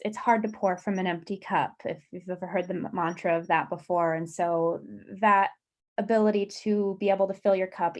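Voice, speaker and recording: A woman moderating a webinar panel discussion, upbeat and steering the questions. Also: medium pitch.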